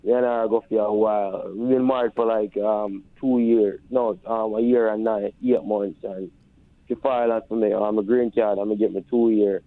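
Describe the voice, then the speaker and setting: A man calling in to a radio show, talking haltingly with many fillers. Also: on the low side, fairly even intonation, dry recording. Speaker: caller. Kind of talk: phone call to radio show. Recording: tinny phone line.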